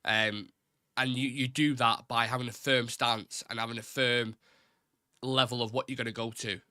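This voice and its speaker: Clean studio audio with no echo captures a young man's clear, resonant, medium-pitched voice. He's from Salford, Greater Manchester, speaks with a Mancunian accent, and hosts a live fan show, reading chat questions and giving fast, animated, blunt opinions, swearing as he goes.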